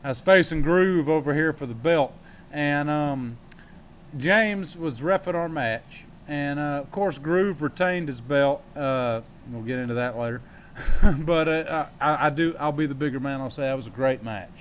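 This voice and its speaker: A man's voice: on the high side, a little slow, a little hiss or hum. A man hosting a wrestling podcast, telling long joking stories in casual chat. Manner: rambling, joking storyteller.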